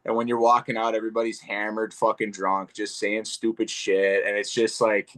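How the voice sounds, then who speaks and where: A young man and guest fighter talking casually in an interview, relaxed and rambling with lots of fillers and the odd swear. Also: lowish voice, normal speed.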